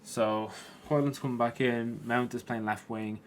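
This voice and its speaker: A gaming YouTuber casually commentates over his own football video game, chatting away and swearing at the players, his excitement rising at times though he's also tired and yawning. His mid-range voice is unhurried, with slight background noise.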